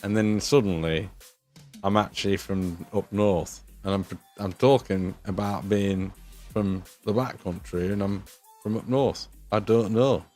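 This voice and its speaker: A man's voice: lowish voice, steady tone, measured pace, a little mellow, faint music behind. A man with an English Midlands accent, hosting a casual livestream while painting miniatures, chatting, swearing and laughing as he reads the chat. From England.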